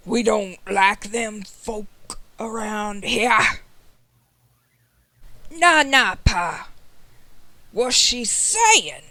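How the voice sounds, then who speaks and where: A man's voice: sits high, bright, forceful tone, no echo, exaggerated voice. A man voicing a drawling, slurring Southern menagerie hand with a folksy manner. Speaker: tabletop game player.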